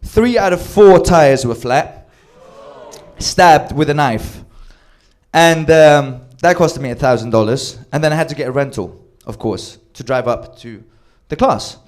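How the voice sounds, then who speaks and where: A man telling a wild personal story with animated delivery, acting out quoted lines and swearing freely. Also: a little high, unhurried. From Sweden. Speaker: storyteller on a comedy show. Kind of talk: live comedic storytelling.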